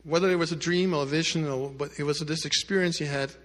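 A male pastor telling a story in a sermon, addressing the congregation directly and moving between loud emphatic lines and hushed quiet ones. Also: fairly high pitch, steady tone, quick pace, long reverb tail. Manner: speaks directly to the congregation with asides.

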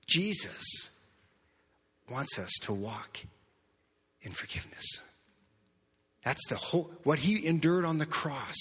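An earnest male pastor tells stories in a sermon, his bright, forceful voice sitting a little high with a husky edge. He repeats words and swings between hushed passages and raised, emphatic ones, heard in a church with long, ringing reverb.

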